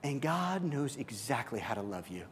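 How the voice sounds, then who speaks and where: A male pastor preaching a conversational sermon, often repeating and restarting words, swinging between loud animated bursts and soft hushed stretches. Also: medium pitch, normal speed, in a large hall, slight background noise.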